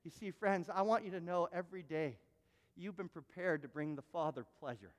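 A man's voice: sits high, brisk, long reverb tail. A pastor preaching a sermon, emphatic, often repeating words and restarting his phrases. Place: church sanctuary.

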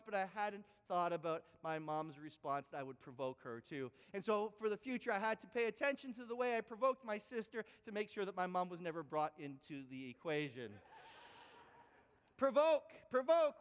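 High-voiced animated man preaching in a hall. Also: clean tone. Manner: animated storytelling with big pitch swings. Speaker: pastor. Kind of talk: sermon with personal story. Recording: echoey hall with long reverb.

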